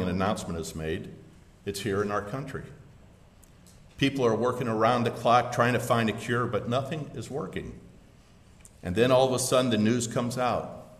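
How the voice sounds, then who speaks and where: A man preaching in a big echoing hall. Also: mid-range voice. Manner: dramatic storytelling, swelling then dropping to a hush. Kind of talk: sermon illustration told as a story. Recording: echoey hall with long reverb.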